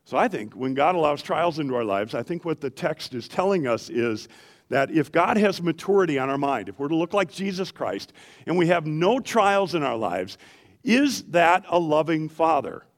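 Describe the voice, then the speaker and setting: Middle-aged male pastor, lively sermon delivery, questions thrown at the room, voice sitting a bit high. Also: moderate pace. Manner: animated, asks the congregation questions.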